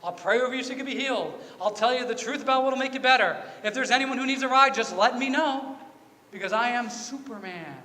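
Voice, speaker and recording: A man's voice: very high voice, fast talker, hardly any pauses, pushed and bright. A man preaching a sermon as pastor, telling a personal story earnestly and repeating key phrases. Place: church sanctuary. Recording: reverberant church hall with faint ambience.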